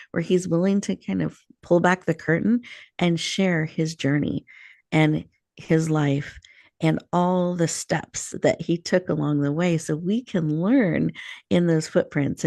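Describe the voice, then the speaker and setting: A woman hosting a talk show, leading listeners through a slow, soothing breathing meditation in an affirming way. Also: low voice, gravelly, darkish tone, dry recording. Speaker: host.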